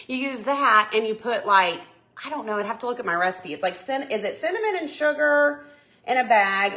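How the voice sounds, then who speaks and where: A young woman hosts a home cooking livestream, chatting in a bubbly, friendly way with viewers while she cooks in her kitchen. Her voice is a little high, pushed and bright, and the talk is casual.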